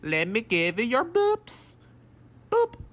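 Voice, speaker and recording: A woman's voice: fairly high pitch, wildly swooping pitch, takes it slowly. A woman from a played clip cooing baby talk to her pet. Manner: cooing, sing-song.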